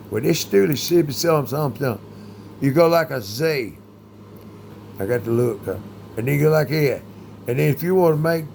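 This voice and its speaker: A man talking in a rambling monologue, full of fillers, with sudden loud bursts. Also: fairly high pitch, creaky, slight background noise.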